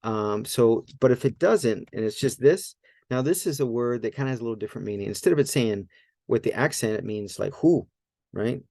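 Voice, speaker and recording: A man teaching Greek grammar in a relaxed, informal way, explaining step by step and often checking with "right?". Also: mid-range voice, brisk, vocal fry, no room sound. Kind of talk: casual teaching.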